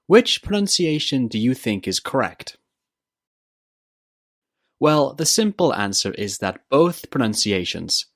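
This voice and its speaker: Guy teaching english pronunciation, slow and careful, voice goes up and down a lot, dry close sound. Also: mid-range voice, sing-song, no room sound. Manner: slow, careful modelling of words and questions for repetition.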